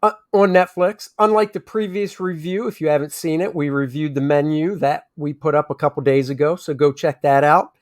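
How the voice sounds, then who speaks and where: A man co-hosting a casual movie review chat, rambling and often restarting as he searches for names. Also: on the high side. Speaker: movie review podcast co-host.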